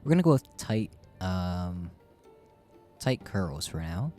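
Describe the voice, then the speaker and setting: A man's voice: low voice, very animated, slow pace, dark tone, faint music behind. A man casually chatting through a game he is streaming, rambling and joking about himself. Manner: chatty, rambling, self-deprecating. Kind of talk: casual gameplay commentary.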